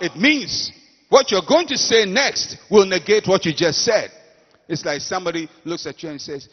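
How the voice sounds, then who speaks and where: A man's voice: sits high, moderate pace, in a large hall, muffled recording. A man preaching a sermon as pastor, emphatic and calling for congregation responses, acting out quotes.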